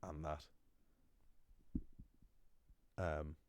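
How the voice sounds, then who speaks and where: A man teaching pronunciation in a casual video lesson, talking in an animated way and acting out the voices he quotes. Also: rumbling low, unhurried, slight background noise. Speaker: language teacher.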